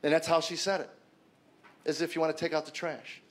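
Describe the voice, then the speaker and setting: A man's voice: fairly high pitch, level tone, a little fast. Earnest middle-aged man telling his story. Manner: earnest, conversational, with frequent restarts and repeated words. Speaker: comedian giving a personal testimony. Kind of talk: personal storytelling to an audience.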